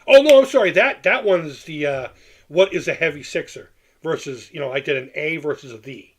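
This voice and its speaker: A man's voice: a little high, expressive, brisk, a bit bright. A middle-aged man hosting a casual livestream, reading chat and rambling candidly, often repeating himself and restarting his sentences.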